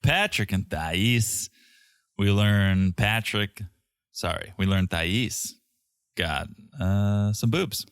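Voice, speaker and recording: A man's voice: lowish voice, drawn-out words, fairly bright tone, smooth, no echo. A man co-hosting a casual podcast, recapping a reality show and tossing in dry, sarcastic quips. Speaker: podcast co-host.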